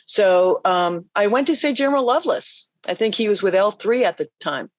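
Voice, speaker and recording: A woman in her fifties, a podcast guest telling stories in a lively, laughing way and acting out what others said. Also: mid-range voice, normal speed. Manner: animated storyteller, laughs often, acts out quotes. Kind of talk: conversational interview.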